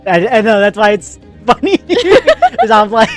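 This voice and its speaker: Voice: medium pitch, wildly swooping pitch, measured pace, soft background music. A co-host of a game let's play, chatting casually and rambling with lots of fillers. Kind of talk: casual chat over a game.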